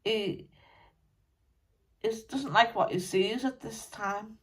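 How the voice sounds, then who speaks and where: Woman psychic, soft and calm, unhurried, slightly high voice. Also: distant mic. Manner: soft, quiet, matter-of-fact. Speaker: psychic medium. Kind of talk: channelling session.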